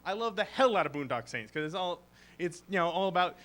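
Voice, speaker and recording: A man's voice: high-pitched, expressive, a little fast, a bit bright. A man from Boston doing a rambling, self-deprecating stand-up set at a live open mic, laughing at his own jokes. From Boston, Massachusetts. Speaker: stand-up comedian.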